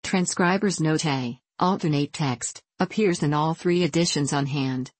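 A woman with a notably low voice reads a classic novel aloud, voicing the rustic speakers in a country dialect. The sound is dry and close, with no room around it. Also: normal speed, hardly any pauses, breathy edge, no room sound. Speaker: audiobook reader. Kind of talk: scripted narration of a classic novel.

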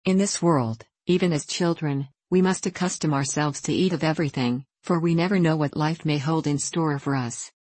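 A woman reading the part of a kind, patient old woodcarver who lectures gently. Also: low-pitched, moderate pace, hardly any pauses, dry recording. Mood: lecturing. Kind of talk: audiobook character voice.

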